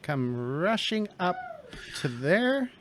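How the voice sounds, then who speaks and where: A man's voice: sits high, sing-song, takes it slowly, a little hiss or hum. A man playing a tabletop game at home, talking through his character's turn step by step. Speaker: player. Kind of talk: casual tabletop game play.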